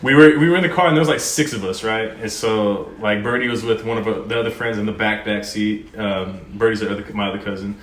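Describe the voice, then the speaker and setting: Fast-talking young man, animated storyteller. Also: lowish voice. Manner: animated storytelling, voice jumping up for quoted outbursts, swearing. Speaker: podcast co-host. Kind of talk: casual chat, drunk story. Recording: echoey room.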